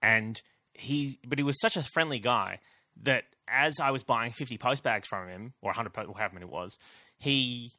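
A man's voice: mid-range voice, normal speed, bright, forceful tone, no room sound, clean studio sound. A man telling rambling comic stories on a podcast and swearing freely. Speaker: podcast co-host. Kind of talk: casual comedy podcast chat.

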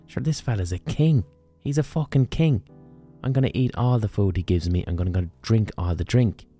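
A laid-back old drunk with an Irish accent, put on by a man, his slangy talk loose and full of swearing. The voice is low and dark, with a relaxed, unhurried ease. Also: soft background music, lightly acted. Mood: greedy. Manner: easygoing, swearing, casual slang.

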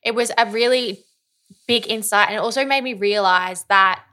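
A woman's voice: mid-range voice, moderate pace, bright, forceful tone. A young woman co-hosting a podcast in casual chat, bubbly and emotional, often laughing. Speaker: podcast co-host.

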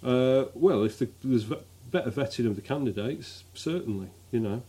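A man of middling pitch co-hosts a chatty comedy podcast. His humour is dry and wry, and he delivers figures deadpan. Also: normal speed, husky. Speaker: podcast co-host. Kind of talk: casual comedic chat.

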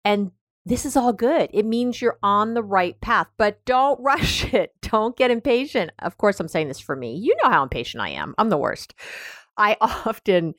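A woman's voice: medium pitch, no room sound, clean studio sound. A woman hosting a self-help podcast, chatting casually, often laughing and restarting her thoughts. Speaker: podcast host.

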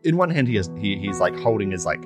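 A fairly low-voiced man describing his game character in a loose, rambling way, full of fillers and restarts. Music plays clearly underneath. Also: sing-song, fast talker. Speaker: player.

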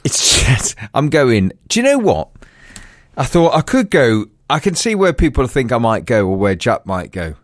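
A man's voice: mid-range voice, huge pitch swings, moderate pace, no room sound, studio quality. A man co-hosting a film podcast, chatting casually and laughing easily. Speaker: podcast co-host. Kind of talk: casual chat.

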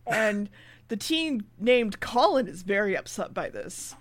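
A woman co-hosting a podcast, retelling a TV episode in casual chat, swearing freely and slipping into quick character voices. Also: mid-range voice, lively intonation. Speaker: podcast co-host recapping an episode.

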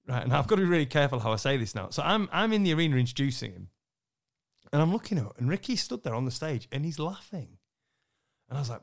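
A man co-hosting a podcast, telling animated anecdotes, laughing often and acting out what others said. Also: on the high side, quick pace, vocal fry. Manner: animated storyteller, laughs often, acts out quotes. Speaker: podcast co-host, snooker MC.

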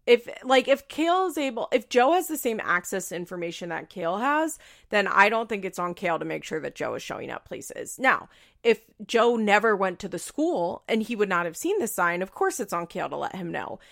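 A woman talks through a reality show in loose, chatty commentary, her pitch swooping up and down as she makes her points. Her voice has a gravelly, fry-edged texture, and she leans on "like" and blunt opinions. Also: sing-song, brisk, fairly bright tone. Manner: chatty and opinionated, heavy use of "like", occasional swearing. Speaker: reality TV recap vlogger. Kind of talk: casual commentary.

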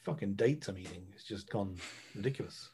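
A man's voice: fairly low pitch, expressive, brisk, mellow, slightly rough. An Irish man chatting on a podcast, laid-back and jokey, swearing casually. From Ireland. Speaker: podcast guest. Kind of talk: casual chat.

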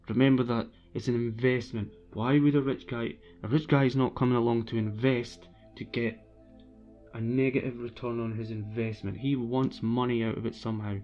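A man's voice: medium pitch, fairly even intonation, moderate pace, muffled recording, faint music behind. A man streaming alone, talking in a casual, blunt and opinionated rant with frequent restarts. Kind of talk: casual ranting monologue.

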